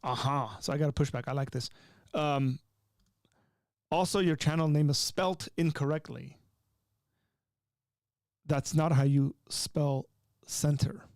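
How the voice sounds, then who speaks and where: Gravelly, high-ish male live show host. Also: a little slow, long pauses, no echo, clean studio sound. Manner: animated and joking, teaching with rising emphasis. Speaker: livestream host. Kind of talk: live call-in show chat.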